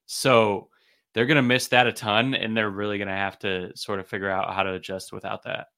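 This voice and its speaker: A man's voice: fairly low pitch, little pitch movement, fairly quick, bright, forceful tone. A man co-hosting a casual sports podcast, enthusiastic and analytical, often repeating words as he thinks. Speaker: podcast co-host.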